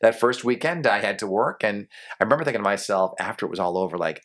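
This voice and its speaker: A middle-aged man from New England, a longtime TV news anchor, telling his career stories in a relaxed, rambling way with lots of fillers. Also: lowish voice, quick pace. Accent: faint New England. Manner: rambling, many fillers and restarts. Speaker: guest, television news anchor. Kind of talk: relaxed storytelling in a podcast interview.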